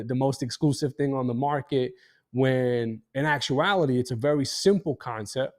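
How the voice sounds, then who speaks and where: A young man co-host chats on a live show in a laid-back way, full of slang. His voice sits at an ordinary pitch. He hypes his partner along, then eases into a topic. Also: darkish tone. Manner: laid-back slang, hyping with wow and facts. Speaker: podcast co-host. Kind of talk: casual live show chat.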